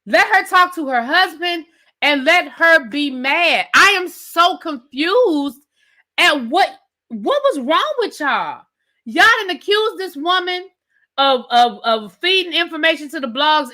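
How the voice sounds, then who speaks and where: A TV recap host with a high, bright voice delivers an animated, sassy rant about reality TV. She talks straight to her viewers, calling them "y'all," in a loose, conversational style.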